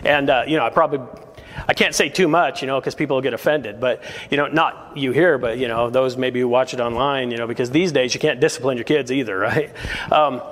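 A man preaching a sermon as pastor, earnest and exhorting, with quick chuckles between points. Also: medium pitch, fairly bright tone, long reverb tail. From United States. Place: church sanctuary.

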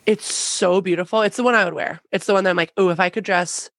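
Low gravelly woman chatting. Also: fast talker. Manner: chatty, animated quoting, laughs often. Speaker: podcast co-host. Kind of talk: casual chat.

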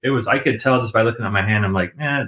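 A young man with a fairly low voice tells his story as a guest, in a relaxed, halting way with plenty of pauses. The recording sounds a little dull and muffled. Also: a little hiss or hum. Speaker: interview guest. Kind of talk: casual storytelling.

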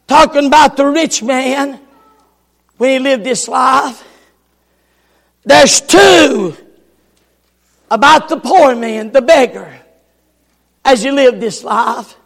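A man with a strikingly high voice preaches a sermon at a slow, deliberate pace. He shouts in impassioned bursts and repeats key phrases for emphasis. His voice rings through an echoey church hall with a long reverb. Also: gravelly.

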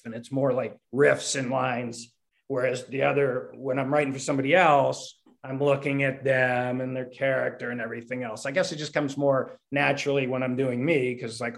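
A man's voice: mid-range voice, fairly even intonation, normal speed, creaky. A comedy writer and stand-up comic answering interview questions in a long-winded, rambling way, often restarting his sentences.

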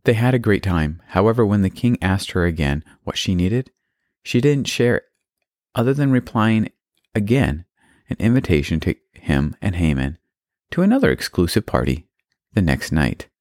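A man narrates a children's Bible story with plain telling and playful asides. His voice is very low, and the recording is dry and close. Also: big pitch swings, moderate pace, darkish tone, dry recording.

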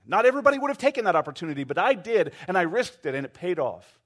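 A man's voice: high voice, sing-song, racing, fairly bright tone. A man preaching a sermon, acting out quoted voices and asking the congregation to respond. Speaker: pastor.

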